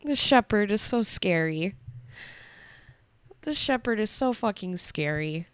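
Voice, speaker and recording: A woman's voice: mid-range voice, takes it slowly, clean tone, no echo, studio quality. Sniffly young woman reacting in fright. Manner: jumpy and excitable, swearing, yelping and whispering in fright. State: sick with sniffles. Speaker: YouTuber reacting to a horror series. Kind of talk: casual reaction commentary.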